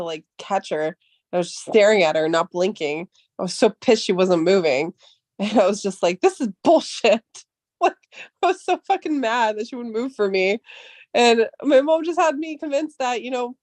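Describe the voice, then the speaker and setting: A woman in her thirties with a high, bright-sitting voice tells loose, swear-filled stories in casual podcast chat. The sound is dry and close, with no room around it. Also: expressive, moderate pace, no echo. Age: 30s. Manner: profane, rambling storytelling.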